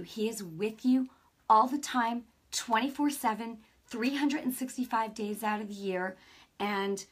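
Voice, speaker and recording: Woman host of a preaching broadcast; bright high-ish voice, excitable and conversational. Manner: enthusiastic, chatty, acts out quoted dialogue. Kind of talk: informal preaching and testimony.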